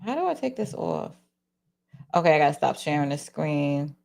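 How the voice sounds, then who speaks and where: A woman's voice: sits low, sing-song, moderate pace, creaky, a little mellow. A woman hosting a live reaction stream, talking casually and animatedly to her viewers, acting out voices and laughing as she goes.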